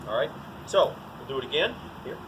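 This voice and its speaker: A man's voice: medium pitch, very animated, fairly quick, recorded from a distance, noisy background. A man teaching dog training in a casual, to-the-point way, often saying "all right" between steps. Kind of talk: casual outdoor training demo.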